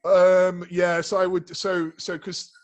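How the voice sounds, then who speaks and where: A man's voice: on the high side, a little fast, soft background music. A man, a bodybuilding coach as a podcast guest, talking casually in rambling, profane stories full of restarts and fillers. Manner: animated storyteller.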